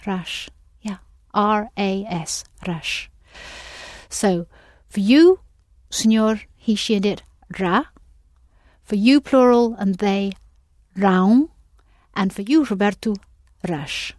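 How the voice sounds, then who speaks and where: A woman's voice: mid-range voice, takes it slowly, a little mellow, no room sound, clean studio sound. A woman teaching a language lesson, patiently prompting her students with questions.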